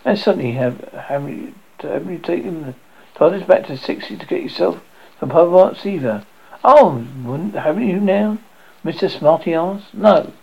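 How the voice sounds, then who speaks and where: A man voicing a sharp-tongued, sarcastic older mother who scolds her grown son, in a storybook reading. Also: fairly high pitch, expressive, normal speed, vocal fry, slightly rough, lo-fi sound, pitched above the performer's own voice, full character voice. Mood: mocking.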